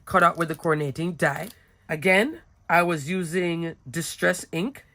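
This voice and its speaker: Giggly raspy woman crafter. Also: lowish voice, fairly even intonation, moderate pace, a bit bright. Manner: goofy, giggly, bubbly. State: a little sick, hoarse. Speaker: card-making crafter. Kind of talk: casual craft tutorial chat.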